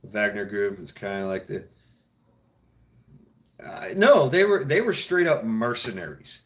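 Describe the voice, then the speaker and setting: A man's voice: fairly low pitch, very animated, a little slow. Male host, loose profane rambling chat, laughs at his own jokes. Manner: mimics others in mock voices. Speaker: show host. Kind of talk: casual chat.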